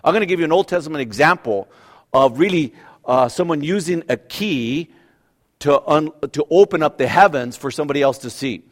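A male pastor, his voice pitched a little high and moving a little fast, preaches a conversational sermon. He's animated, packs it with everyday examples, and keeps checking in with "right?"

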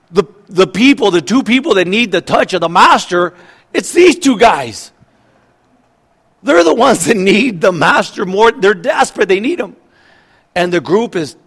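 Lively preaching man, fairly high voice. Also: husky. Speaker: pastor. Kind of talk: sermon.

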